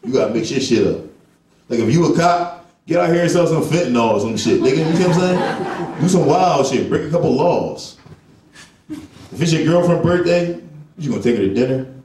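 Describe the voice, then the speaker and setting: A man's voice: a little high, lively intonation, brisk, a little mellow, a little hiss or hum. Profane man riffing on stage. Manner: profane, rhetorical, slangy. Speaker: stand-up comedian, headliner. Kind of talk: stand-up comedy set. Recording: echoey club from far off, crowd audible.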